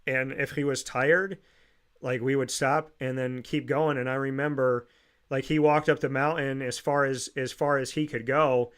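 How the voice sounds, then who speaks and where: A male show host shares a heartfelt personal story with a guest, speaking casually and earnestly. His voice is smooth and clear, sitting at an ordinary middle pitch. He pauses and restarts as he reflects. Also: level tone, a bit bright. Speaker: podcast host.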